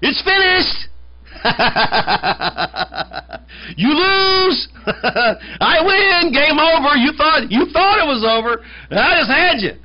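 A man's voice: very high voice, sing-song, extremely slow, voice pushed up, full character voice. A man voicing a triumphant male savior who mocks the devil with exultant, laughing taunts. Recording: dull lo-fi sermon recording.

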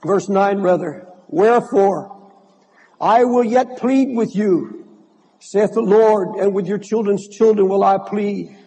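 A man's voice: high-pitched, slow, dark tone, husky, low-quality recording. An older man preaching a sermon, impassioned and repeating words as he presses his point. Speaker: pastor.

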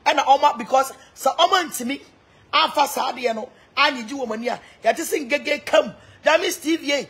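A woman's voice: high-pitched, a little fast, fairly bright tone. A Ghanaian woman mixing Twi and English in a mocking, laughing rant, taunting people online. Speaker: social media personality. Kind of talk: mocking live-stream rant.

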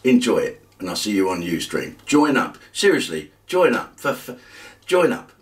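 A man's voice: lowish voice, sing-song, moderate pace, distant mic. A man hosting a comedy show, ranting in an exasperated way.

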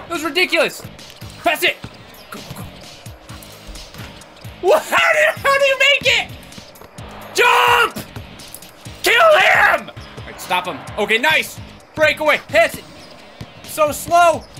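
A man streaming a video game, giving loud, jokey commentary and often shouting at the game. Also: very high voice. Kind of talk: excitable gameplay commentary.

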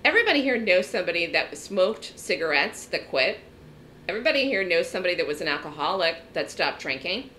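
A woman's voice: fairly low pitch, big pitch swings, fairly quick, sharp tone, a little hiss or hum. A woman teaching a trading lesson in an emphatic, direct way, often checking in with her listeners. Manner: emphatic, direct, frequent "okay?" check-ins. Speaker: trading educator. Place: trading room webinar.

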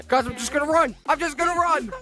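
A young man giving VR horror gameplay commentary as a channel host, excitable, often screaming, laughing and repeating himself. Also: very high-pitched, fast talker. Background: game music.

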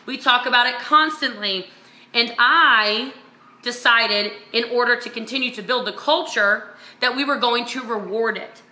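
A woman with a very bright, ringing voice pitched high for a woman delivers an energetic motivational talk as a business coach. She is emphatic and drives her points home by repeating phrases. The sound carries the echo of a reverberant room. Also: a little slow. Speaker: business coach and vlog host.

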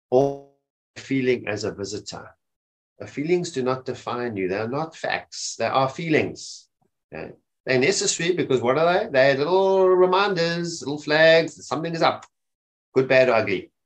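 A man presenting a casual webinar on mental health, often checking in with his listeners by asking "okay?". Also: mid-range voice. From South Africa. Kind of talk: informal talk on mental health. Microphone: webinar microphone.

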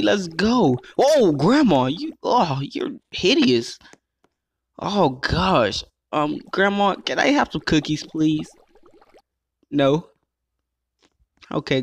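A man with a slightly high voice giving let's play commentary. He sounds excitable and keeps talking straight to his viewers as he plays. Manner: excitable, calls himself "your boy", keeps addressing viewers as guys. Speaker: gaming YouTuber.

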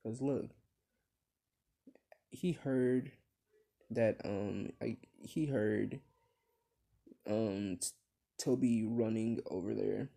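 A man's voice: on the low side, drawn-out words, gravelly, long pauses, dark tone. A man casually retelling his own fan story, rambling with many fillers and restarts, and swearing when he slips.

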